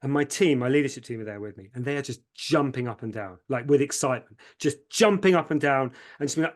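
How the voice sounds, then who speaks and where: A man, an agency founder talking as an interview guest, tells his story with real animation. His voice sits a touch higher than most men's, and he doubles back on words when moved, acting out what others said in the moment. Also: fast talker, few pauses. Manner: lively, repeats words when moved, acts out quotes.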